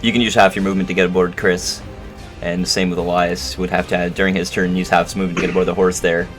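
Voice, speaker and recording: A man with a very low voice runs a tabletop game as game master. He talks casually, stops to explain rules and fills gaps with ums and uhs. Faint music plays behind him. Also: little pitch movement, fast talker, a bit bright.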